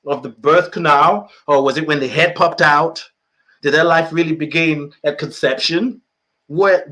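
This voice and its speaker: A man's voice: fairly high pitch, a bit bright. A man from the United Kingdom hosting a podcast, talking reflectively about spirituality, repeating phrases and chuckling often. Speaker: podcast host.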